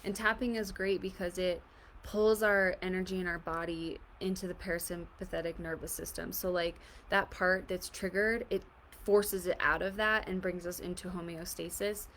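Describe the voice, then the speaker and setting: A woman coaching an emotional tapping exercise in a gentle, reassuring, casual way, often saying "like". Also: fairly low pitch, fairly even intonation, normal speed, slight background noise. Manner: casual, fills speech with "like". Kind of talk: guided tapping session.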